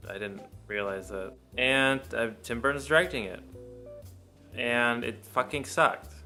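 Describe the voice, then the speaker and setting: A man's voice: mid-range voice, unhurried, sharp tone, faint music behind. A man giving a casual, rambling film review, blunt and full of cursing. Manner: blunt, profane, rambling opinions.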